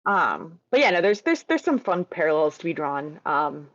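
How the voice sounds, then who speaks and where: A woman speaks as a podcast guest, casual and playful in her remarks. Her voice sits a bit low, and the recording is dry and muffled, with little top end. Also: very animated, normal speed, no echo. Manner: playful, joking asides. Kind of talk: casual chat.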